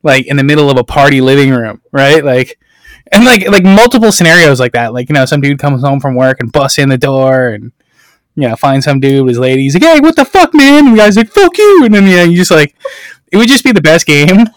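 A man's voice: mid-range voice, fairly quick, no room sound. A man chatting casually, telling stories in a loose, profane, filler-heavy way. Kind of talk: casual chat.

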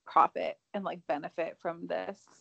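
A young woman with a fairly low voice keeps chiming in with agreement during a celebrity gossip chat. Her sound is muffled and lo-fi, close and dry. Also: flat delivery, creaky, fairly bright tone, dry recording. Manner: agreeable, chatty, quick to chime in. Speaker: co-host. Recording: dull lo-fi sound.

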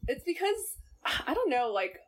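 A woman's voice: sits high, sing-song, normal speed. A woman co-hosting a podcast in casual chat, giggly and self-deprecating, laughing often. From Southern California. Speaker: podcast co-host.

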